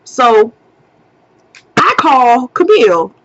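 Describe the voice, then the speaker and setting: A woman's voice: high voice, drawn-out words, muffled recording. A young woman telling a story casually, swearing freely and acting out what people said. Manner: animated, acts out quotes, swears freely. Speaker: vlogger.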